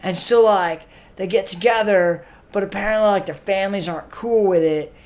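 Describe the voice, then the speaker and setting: Playing a spaced-out young stoner who hosts a comic web show, a man speaks in a high-sitting voice at a moderate pace. The laid-back comedy sketch monologue drawls along, full of fillers and ending lines with "man."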